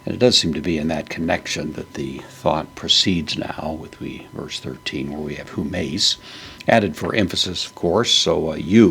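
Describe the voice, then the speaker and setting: Very deep gravelly male Bible teacher. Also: a bit bright, slight background noise. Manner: unhurried, many "uh" fillers, parsing Greek word by word. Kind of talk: verse-by-verse Greek Bible lesson.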